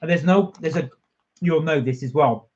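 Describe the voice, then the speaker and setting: A man co-hosting a live vlog stream, eager and chatty, talking between mouthfuls of a snack. His voice sits a little above the usual male pitch. The audio is dull and lo-fi, with a home streaming feel. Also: normal speed, darkish tone. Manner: eager, snacking while talking, reads viewer comments aloud. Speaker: vlog co-host. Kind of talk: casual live-stream chat.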